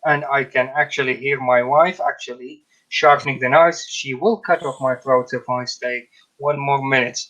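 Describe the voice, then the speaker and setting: A man's voice: medium pitch, steady tone, normal speed, pushed and bright, highs cut off. A man hosting a live online broadcast, friendly and joking. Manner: jokey, friendly. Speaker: host.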